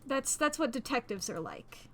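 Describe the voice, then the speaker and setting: A woman's voice: on the high side, sing-song, moderate pace, a bit bright, soft background music. A woman streaming a puzzle game, chatting in a playful, rambling way and laughing often. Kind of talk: casual gameplay commentary.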